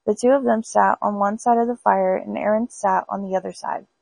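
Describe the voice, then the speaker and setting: A woman's voice: medium pitch, fairly even intonation, brisk, creaky, a little mellow, husky, no room sound, rough recording. A woman hosting a podcast, reading spooky folk tales aloud in an unpolished amateur way with small stumbles. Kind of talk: storybook read-aloud.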